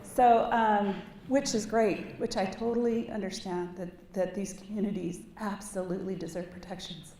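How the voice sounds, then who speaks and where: A woman's voice: mid-range voice, steady tone, normal speed, hardly any pauses, warm tone. A woman giving a keynote speech, telling a personal story with earnest, rising passion. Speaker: keynote speaker. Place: large conference hall. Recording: echoey hall, distant mic, faint ambience.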